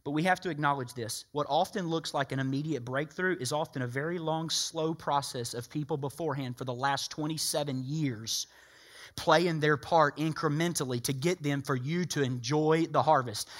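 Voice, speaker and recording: A man preaching a sermon, emphatic and animated, acting out people's voices. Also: on the high side, normal speed.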